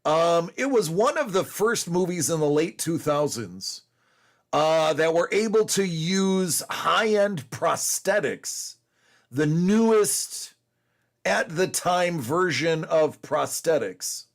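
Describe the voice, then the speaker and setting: A man in his forties tells a story slowly, with plenty of fillers and restarts. His voice sits a little high and swings up and down with lively energy as he hosts a casual collecting show. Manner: rambling, animated storyteller with many fillers. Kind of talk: casual storytelling to a live chat.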